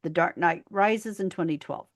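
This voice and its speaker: A woman's voice: fairly low pitch, moderate pace. A woman co-hosting a podcast, chatting about a sitcom episode and sharing trivia. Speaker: podcast co-host. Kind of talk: casual episode recap.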